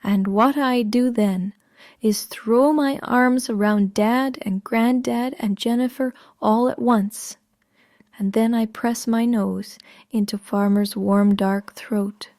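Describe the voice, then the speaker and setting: A woman narrating a story in the first person, in a slow, hushed way that often drops to a whisper. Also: on the high side, steady tone, no room sound, studio quality.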